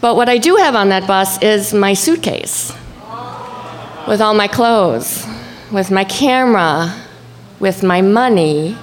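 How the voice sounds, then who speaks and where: A woman telling a true story live on stage. She is animated and acts out voices and shouts, swinging from low murmurs up to high cries. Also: takes it slowly, pauses often. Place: stage before an audience.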